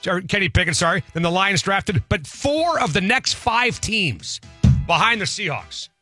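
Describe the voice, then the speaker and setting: A male sports radio host with a bright, forceful voice that rides up and down as he talks. He fires quick questions at his co-host and leans into sarcasm. Faint music sits behind him. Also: high voice, very animated, no room sound. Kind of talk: casual sports talk.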